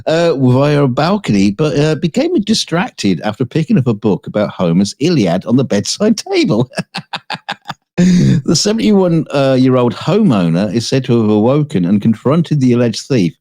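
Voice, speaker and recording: A man's voice: medium pitch, sing-song, normal speed, mellow. A man co-hosting a casual comedic news show, reading odd stories and joking between them with frequent laughs. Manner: laughs often, joking asides.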